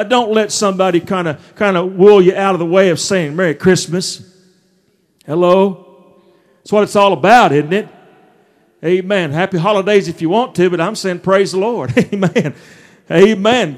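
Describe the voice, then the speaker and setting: A man preaching a sermon, chuckling and repeating words as he goes. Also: high voice. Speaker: pastor.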